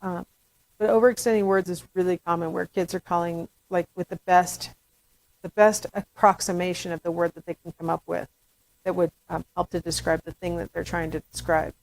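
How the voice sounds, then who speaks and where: A woman's voice: fairly low pitch, flat delivery, fairly quick, a little mellow, low-quality recording. A woman giving a conversational recorded lecture as an instructor, with frequent fillers and self-corrections.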